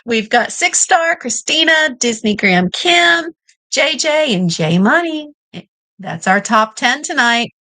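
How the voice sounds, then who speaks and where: A woman's voice: sits high, animated, takes it slowly, sharp tone, dry recording, poor audio. A woman with a Kentucky accent hosting a live trivia game, playful and teasing, laughing often.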